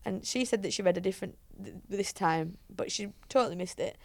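Chatty woman with a gravelly edge. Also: medium pitch, a little fast, no echo. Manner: chatty storyteller, frequent fillers and restarts. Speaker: head coach, podcast guest. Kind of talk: casual interview chat.

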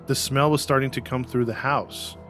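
A chatty man hosting a relaxed true-crime podcast, his voice sitting at a middle pitch. He talks in loose, easygoing runs and now and then slips into put-on voices for quotes. Faint music plays under the conversation. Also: normal speed. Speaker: podcast host.

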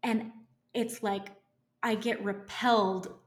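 A woman entrepreneur, a guest in an interview, telling a story in a lively, animated way and acting out her own inner voice. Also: on the high side, slow.

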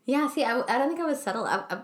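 Animated swearing woman, echoey room. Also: high-pitched, racing. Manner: animated storytelling, swears freely, acts out quotes. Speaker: podcast co-host. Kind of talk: casual chat.

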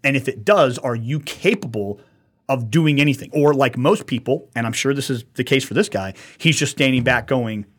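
Male podcast co-host, husky voice, profane and animated storyteller. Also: medium pitch, brisk. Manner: animated storytelling, acts out quotes, swears often. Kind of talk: casual profane podcast chat.

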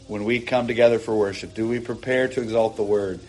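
A man, a pastor, preaching an earnest sermon from a pulpit in his church, with emphatic rising bursts and quick asides. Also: lowish voice, steady tone, darkish tone.

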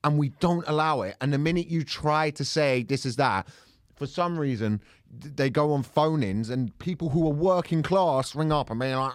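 A man's voice: a little high, moderate pace, no echo. Ranting man, dry close sound. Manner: ranting, profane, puts on mocking voices for laughs. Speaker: podcast co-host. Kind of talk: casual chat.

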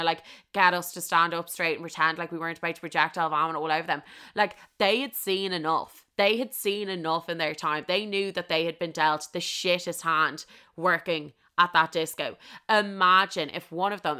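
A woman's voice: lowish voice, sharp tone, clean tone. A young Irish woman tells a funny personal story with lots of swearing and dramatic emphasis. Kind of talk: comedic storytelling.

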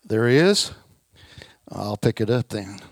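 A man preaching a lively sermon in a folksy, emphatic way, swinging between loud stresses and quiet asides. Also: fairly low pitch, slow pace, no room sound.

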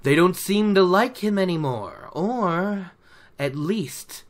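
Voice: medium pitch, animated, slow. A book recapper voicing a sardonic traveling male storyteller who talks slyly and in a roundabout way. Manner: sly and roundabout.

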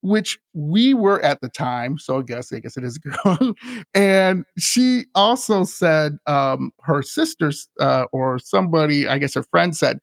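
A man hosting a casual podcast chat, animated and laughing often as he retells scenes. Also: on the high side, a little slow, gravelly, no echo. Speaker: podcast host.

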